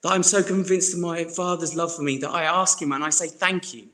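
Pastor guy giving a sermon, earnest, goes soft then punchy, kinda high voice. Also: steady tone, fast. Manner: earnest, swings between soft reflection and emphatic bursts.

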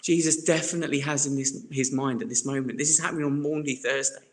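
A young adult man, preaching a sermon in an earnest way that swings between soft reflection and emphatic bursts. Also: mid-range voice, steady tone, quick pace, a little hiss or hum. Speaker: pastor.

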